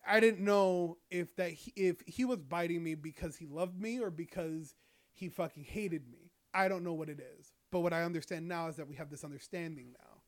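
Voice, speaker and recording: A man's voice: a little high, close to an everyday voice. A man voicing an unhinged loner in a retold play, muttering and profane.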